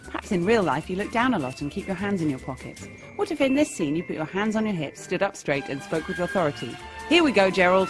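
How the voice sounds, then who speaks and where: A woman giving a playful, scripted lesson on improv comedy. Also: on the low side. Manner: playful, lively, jumps into character voices. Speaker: improv teacher. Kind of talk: scripted instructional narration.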